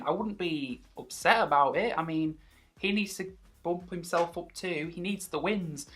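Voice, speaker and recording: A woman's voice: low-pitched, fairly bright tone. A woman vlogging wrestling predictions in a chatty, casual way, acting out other people's reactions as she talks. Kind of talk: casual chat.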